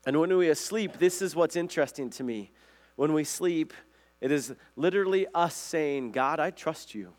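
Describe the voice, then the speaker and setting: A man delivers a conversational sermon in a slightly high voice. He speaks earnestly and keeps asking his listeners questions as he goes. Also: normal speed, a little mellow. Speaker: pastor.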